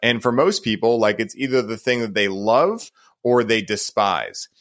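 A man's voice: fairly low pitch, lively intonation, normal speed, a bit bright, dry recording. A man hosting a podcast, telling stories in a rambling, casual way and leaning on filler words. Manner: rambling, heavy use of "like" and "right?". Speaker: podcast host.

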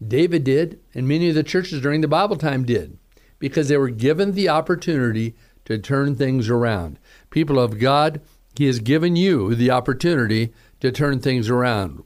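A man's voice: mid-range voice, animated, moderate pace. A middle-aged man, a pastor preaching an earnest radio sermon, pressing his calls to repent.

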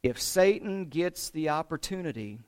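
A man preaching a sermon, retelling a story with emphatic rises and hushed drops. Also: fairly high pitch, animated, normal speed. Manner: emphatic, dramatic retelling with rising and falling intensity.

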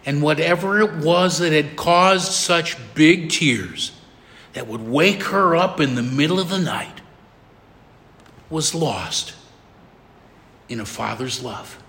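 High-voiced preacher in a reverberant hall. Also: male voice. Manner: emphatic repetition, soft drops for emotional moments. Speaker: pastor. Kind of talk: sermon.

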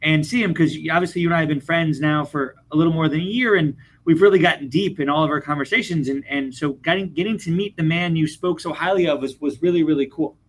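A man's voice: fairly high pitch, fast, hardly any pauses, poor audio. A younger man, a therapist, talking earnestly in a casual podcast chat, often restarting his phrases. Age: young adult.

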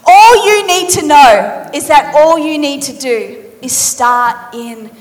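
A woman voicing a soft-spoken gentle teacher. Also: high-pitched, animated, slow pace. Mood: tender. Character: gentle male teacher, calm and tender. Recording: reverberant hall.

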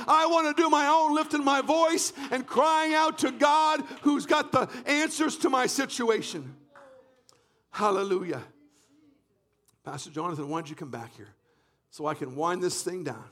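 High-pitched fervent preaching man. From Canada. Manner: fervent preaching, often shouting with repeated phrases. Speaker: pastor. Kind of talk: sermon.

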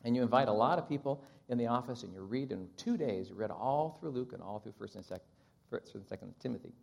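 A man's voice: medium pitch, fast talker, creaky. A man, a Bible translator, telling stories in a church missions talk and acting out the people he quotes. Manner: animated storyteller acting out quotes.

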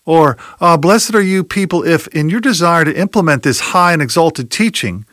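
Emphatic preacher with lively pitch. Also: male voice, no echo, clean studio sound. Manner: emphatic, rhetorical questions, quotes scripture. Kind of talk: expository sermon.

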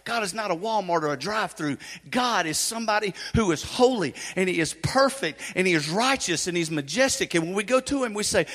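A pastor preaches in a church sanctuary, his high, sharp, bright voice trailing into a long hall reverb. He swings from loud urgency to hushed intensity and drops in joking, folksy asides. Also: expressive, a little fast, hardly any pauses. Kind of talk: sermon.

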